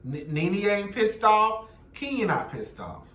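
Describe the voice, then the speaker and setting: A man's voice: high voice, very animated, measured pace, fairly bright tone, echoey room, recorded from a distance. A young man giving a sassy, blunt, profane recap of a reality TV episode, gossiping and quoting the cast. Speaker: show recap commentator.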